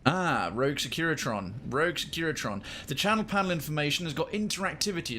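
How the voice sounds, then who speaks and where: A man's voice: mid-range voice, a bit bright, slight background noise. A young British man streaming a game, chatting with his viewers in a rambling, digressive way. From United Kingdom. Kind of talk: casual gaming commentary.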